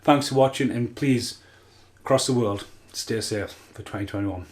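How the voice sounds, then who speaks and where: A man's voice: medium pitch, moderate pace. A man hosting his channel, chatting casually in a rambling, self-mocking way. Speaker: channel host. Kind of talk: casual chat.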